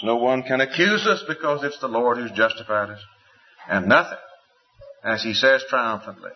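Impassioned male preacher, dull recording. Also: slight background noise. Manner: impassioned, questioning, sweeping pitch. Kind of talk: sermon.

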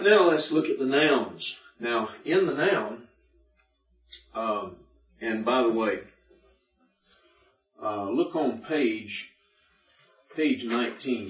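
Male teacher, patient step-by-step explaining, roomy classroom, distant dull recording. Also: mid-range voice. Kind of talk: classroom Greek lesson. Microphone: far from the mic.

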